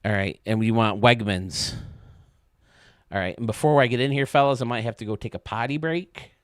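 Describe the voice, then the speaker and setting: A man's voice: mid-range voice, moderate pace, dry recording, studio quality. A male streamer chatting casually with his viewers while gaming, joking and swearing freely.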